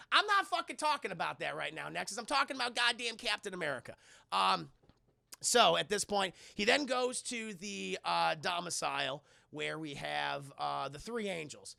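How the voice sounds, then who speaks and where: A man giving a casual, profane livestream film review, excitable and often talking to his chat while acting out characters in loud voices. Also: sits high, normal speed, creaky, no echo.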